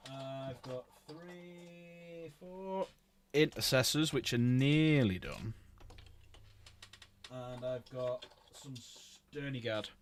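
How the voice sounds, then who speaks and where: A man's voice: medium pitch, very slow. A middle-aged man rambling casually while he paints models on a livestream, swearing freely.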